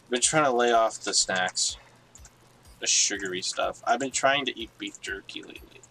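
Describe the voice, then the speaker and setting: A man's voice: fairly low pitch, moderate pace, pushed and bright, slight background noise, rough recording. Playful man co-hosting a game stream. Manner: playful, needling quips. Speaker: co-host. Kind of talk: casual chat while streaming a game.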